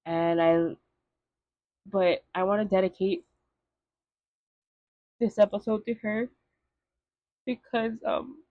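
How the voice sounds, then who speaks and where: A young woman hosting her own podcast, tearful and emotional, speaking haltingly with pauses and sighs. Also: mid-range voice, dry recording. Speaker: podcast host. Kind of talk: heartfelt solo podcast monologue. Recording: slightly dull, dry lo-fi recording.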